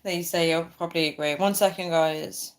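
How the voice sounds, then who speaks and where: A low-pitched woman chats on her livestream. She rambles easily through her day and answers viewer comments aloud. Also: fairly even intonation, fairly quick. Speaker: livestream host. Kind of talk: casual livestream chat.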